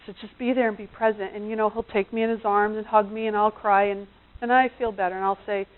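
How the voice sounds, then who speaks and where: A middle-aged woman giving a seminar talk in a chatty way, acting out quotes with sudden loud high bursts. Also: flat delivery, fast. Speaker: seminar presenter. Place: seminar room. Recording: tinny phone-like sound.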